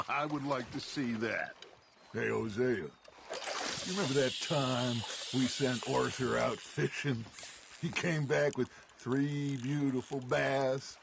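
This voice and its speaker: An actor playing a charismatic outlaw gang leader who reminisces fondly and with theatrical flair in a video game. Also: male voice, medium pitch, fairly even intonation, slow pace, creaky, noisy background.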